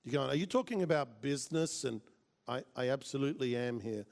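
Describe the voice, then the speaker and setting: A man giving a talk to a business group, telling a story and acting out what people said with lively swings in his voice. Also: brisk, creaky. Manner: animated, acts out quoted voices with big pitch jumps. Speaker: speaker at a business mastermind.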